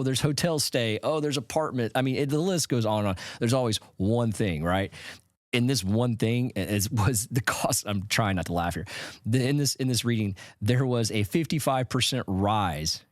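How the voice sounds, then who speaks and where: Low-voiced man hosting a finance podcast. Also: dry recording, studio quality. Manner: conversational, stumbles and restarts, chuckles at points. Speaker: podcast host. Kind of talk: casual educational monologue.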